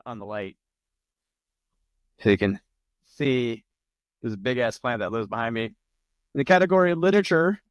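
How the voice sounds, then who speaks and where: A man's voice: mid-range voice, dry recording. A man hosting an online trivia night from his home, reading out answers with loose, joking, sometimes profane asides. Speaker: trivia host. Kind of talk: casual live-stream trivia hosting. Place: home room with a large plant behind him.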